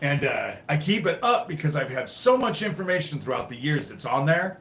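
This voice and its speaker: A frustrated man rants on his own live stream, swearing freely and swinging between loud bursts and low muttering. His voice sits a little high for a man. The sound is echoey and roomy. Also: big pitch swings, fairly quick, background noise. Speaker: livestream host.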